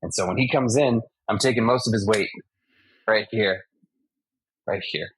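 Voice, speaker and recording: A man in his forties from Massachusetts, a stunt performer telling animated stories in an interview and acting out the impacts. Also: fairly low pitch, moderate pace, breathy edge, poor audio. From United States (Massachusetts). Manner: animated anecdotes, acts out impacts and sound effects. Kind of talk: casual storytelling interview.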